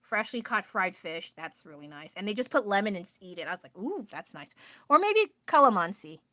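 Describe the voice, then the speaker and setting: A woman's voice: mid-range voice, big pitch swings, a little fast, pushed and bright, no echo, clean studio sound. A woman with an American accent chatting casually on a livestream, rambling and laughing often as she answers her chat. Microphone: phone.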